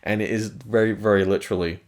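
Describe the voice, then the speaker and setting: A man's voice: on the low side, steady tone, fast, darkish tone. A man giving a casual spoken review, rambling and frank, often restarting and repeating words, with the odd casual swear. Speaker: film and TV reviewer.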